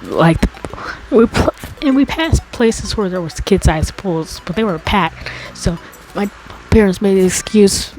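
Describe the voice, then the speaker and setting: With soft music in the background and low-quality audio, this American storytime host recounts a childhood memory at a measured pace, her tone darkish but animated. Her casual monologue wanders through restarts and filler words, and she grows exasperated, pitching up high whenever she complains.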